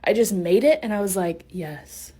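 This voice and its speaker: A woman's voice: mid-range voice, lively intonation, a little fast, dark tone. A young woman chatting casually through a year of her art as a vlogger, bubbly and prone to interrupting herself. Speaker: artist vlogger. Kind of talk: casual vlog narration.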